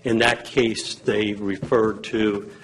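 A man giving legal advice at a public meeting, in a measured, halting way with many fillers, and losing his voice. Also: fairly low pitch, little pitch movement, a little hiss or hum, poor audio. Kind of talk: advising at a council meeting.

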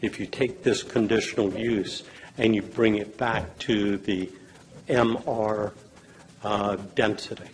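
A man giving legal advice at a public meeting, in a measured, halting way with many fillers, and losing his voice. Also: on the low side, fairly even intonation, a little hiss or hum, low-quality recording. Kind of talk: advising at a council meeting.

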